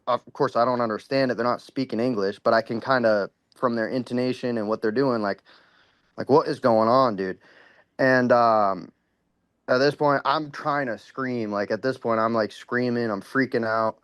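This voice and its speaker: A man's voice: medium pitch, fairly even intonation, normal speed, fairly bright tone, clean tone, no echo. A man calling in to tell a personal paranormal story in a casual, rambling way, full of "like" and "you know" and free with swearing, a little worked up. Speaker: caller sharing a paranormal experience.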